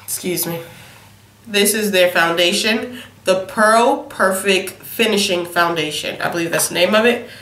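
In a casual, sassy makeup review, a young beauty vlogger with a cold sniffles and calls her audience "honey" and "y'all." Her mid-range voice is a little slow and fairly bright, recorded with a roomy sound.

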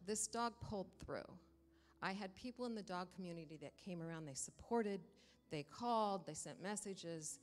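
A woman telling a congregation a personal story in a lively way, acting out the dialogue as she goes. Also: medium pitch, moderate pace, long reverb tail, soft background music. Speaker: church member giving a testimony. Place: church sanctuary.

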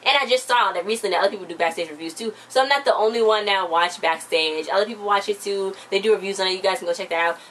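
A woman's voice: medium pitch, racing, hardly any pauses, a bit bright, a little hiss or hum, rough recording. A young woman in her late teens, chatting casually as she recaps a TV episode, full of slang and fillers. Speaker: TV recap vlogger. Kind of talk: casual chat.

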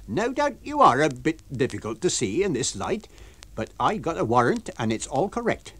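A man voicing a blustering rustic village constable in a radio book reading, talking in a dogged, loud, countrified way. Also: a little high, very animated, normal speed. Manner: dialect speech, dogged and loud.

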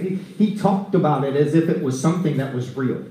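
High-voiced male preacher in an echoey room. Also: fairly quick, hardly any pauses, a little hiss or hum. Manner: animated storytelling, acting out scripture scenes. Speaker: preacher at a recovery ministry. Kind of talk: conversational sermon.

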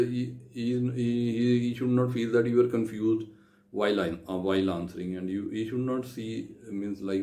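A man's voice: medium pitch, mellow, reverberant. A man giving visa interview advice, talking with many fillers and restarts. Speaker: visa advice video host. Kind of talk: unscripted advice talk to camera.

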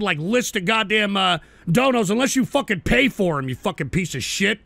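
Exasperated cussing stream host guy, big swoopy high voice. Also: lively intonation, a little fast, creaky, dry recording. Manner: profane, exasperated, reacts loudly to viewer clips. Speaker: livestream talk show host. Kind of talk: crude casual stream commentary.

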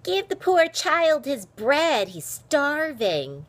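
A woman's voice: high-pitched, sing-song, slow pace, voice pushed up, heavily acted. A woman reading aloud, voicing an impudent boy bully who taunts and mocks. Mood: mocking. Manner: mocking, taunting.

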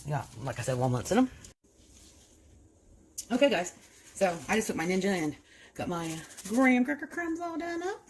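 Woman doing a cooking vlog, lively up and down voice, faint noise behind. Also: medium pitch, normal speed, long pauses. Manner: chatty, explains steps as she goes. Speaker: cooking vlogger.

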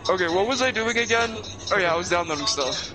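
A man's voice: sits high, expressive, quick pace. A man chatting casually with friends while gaming, rambling and now and then singing along to a song. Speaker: gamer streaming with friends. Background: music playing.

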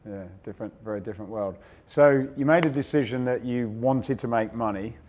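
A man's voice: mid-range voice, brisk, a little mellow, slight background noise. A man hosting a podcast interview, giving short agreements and asking loose, rambling questions. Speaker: podcast host. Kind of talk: casual interview.

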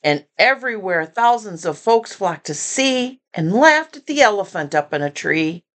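An older woman reading a children's picture book aloud with gentle, chatty asides to young listeners. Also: medium pitch, big pitch swings, normal speed. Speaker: storybook reader.

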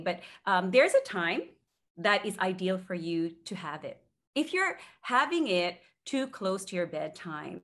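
A woman's voice: lowish voice, fairly bright tone. A woman guest on a podcast, giving sleep advice in a chatty way and laughing between points.

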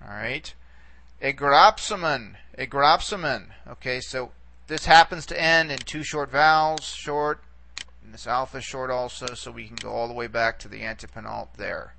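A male teacher talks through a recorded lesson with a gravelly, slightly fried edge to his voice. His tone is bright and forward, and he explains patiently, pausing often to check in with an easy "okay". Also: medium pitch, fairly even intonation, slight background noise. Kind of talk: recorded lecture.

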